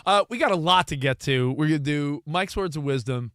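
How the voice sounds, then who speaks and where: A man co-hosting a sports talk radio show from a studio, bantering and teasing with quick jokes. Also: a little high, expressive, fairly bright tone, clean tone, dry recording.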